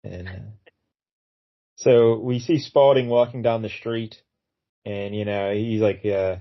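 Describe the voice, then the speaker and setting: A man's voice: medium pitch, normal speed, muffled recording. A man casually retelling a comic book story as a podcast co-host, acting out the characters' lines in funny voices. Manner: animated, acts out quotes in funny voices.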